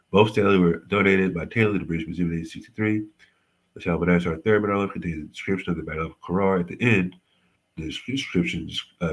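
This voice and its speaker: A man hosting a casual livestream history lesson, halting and often correcting himself. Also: deep voice, husky. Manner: halting, frequent self-corrections and apologies. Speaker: host teaching history on a livestream.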